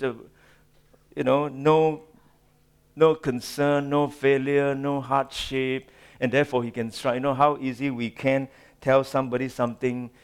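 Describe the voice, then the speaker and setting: A male pastor preaching a sermon, swinging from loud, drawn-out phrases to hushed asides. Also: mid-range voice, clear, resonant tone.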